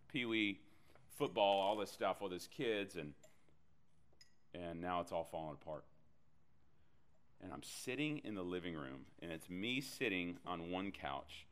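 A man preaching a sermon, telling a personal story with animated delivery and self-deprecating humor. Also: fairly low pitch. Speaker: pastor.

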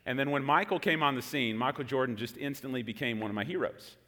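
Bright-voiced male pastor in a big reverberant hall. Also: mid-range voice, fast talker. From Texas. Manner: animated storytelling with jokes to the room. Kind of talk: sermon. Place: large hall with an audience.

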